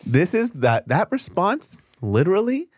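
Animated man telling a story, laughing. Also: sits high, unhurried, dry recording, studio quality. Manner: animated storyteller, laughs a lot, swears freely. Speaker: podcast co-host. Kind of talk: casual chat.

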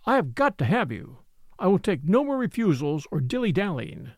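A man's voice: high-pitched, big pitch swings, normal speed, a little mellow, dry recording, studio quality, exaggerated voice. A man reading a story, voicing an ardent, masterful man courting a young woman. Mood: stern. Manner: earnest and pleading, then stern.

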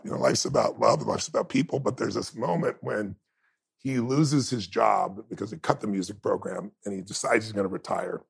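A podcast guest with a lowish, fairly quick, slightly rough voice and vocal fry tells stories in conversation. His delivery is intense, heartfelt and emphatic, emotional storytelling throughout.

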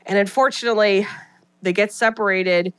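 A woman's voice: mid-range voice, fairly even intonation, moderate pace, clean tone. A woman co-hosting a podcast, casually retelling a movie plot and acting out the characters' lines, with lots of "like". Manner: chatty retelling with quoted voices, many "like" fillers. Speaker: podcast co-host. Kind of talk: casual movie recap chat.

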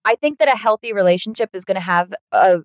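Woman in her thirties, podcast host, reflective storyteller, mid pitch, dry close sound. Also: fast talker, no echo. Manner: reflective, tells stories with quoted dialogue. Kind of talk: casual chat.

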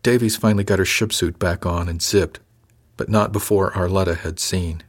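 A man narrating a first-person audiobook in a calm, measured, gentle way. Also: low-pitched.

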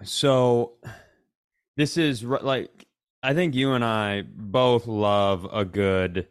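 A man's voice: medium pitch, slow pace, smooth. A man co-hosting a casual comedy podcast, joking around and sometimes breaking into an exaggerated twangy sing-along. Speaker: podcast co-host.

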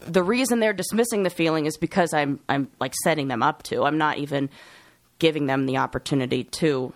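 A woman co-hosting a podcast, talking openly about her own feelings with halting restarts. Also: deep voice, no echo. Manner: open, confessional, halting with restarts. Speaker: podcast co-host. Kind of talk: casual podcast chat.

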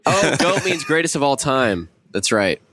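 A man's voice: mid-range voice, very animated, normal speed, a crowd in the background. A man co-hosting a casual chat, reading out viewer comments with dry remarks.

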